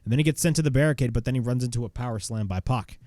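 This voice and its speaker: A man's voice: medium pitch, very fast, a little mellow, no echo. Man, casual wrestling review, blunt, swears a lot, dry close-mic sound. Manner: blunt, swears freely, play-by-play recapping. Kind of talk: casual recap and commentary.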